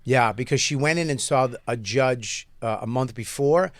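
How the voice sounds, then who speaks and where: A man's voice: mid-range voice, moderate pace, no echo. A middle-aged man telling a loose, profane story in casual chat as podcast co-host, with many restarts.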